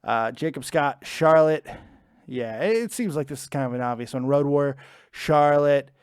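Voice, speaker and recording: A man's voice: a little high, moderate pace, a little mellow, clean tone, no room sound, studio quality. A man hosting a live wrestling prediction stream from home, chatty and joking as he reads out the chat. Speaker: wrestling show host.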